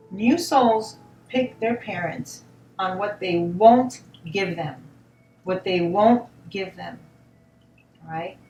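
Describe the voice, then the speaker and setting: A woman giving a spoken tarot reading in a gentle, reassuring tone, often repeating words and asking "all right?". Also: on the low side. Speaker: tarot reader. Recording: roomy sound from a distance, faint noise.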